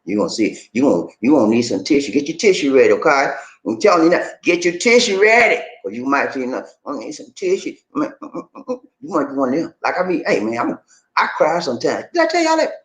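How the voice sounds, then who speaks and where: A man's voice: medium pitch, big pitch swings, fast, fairly bright tone. A man hosting a casual dating advice video, playful and hyping up his viewers with repeated phrases. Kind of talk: casual hyped video talk. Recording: echoey room.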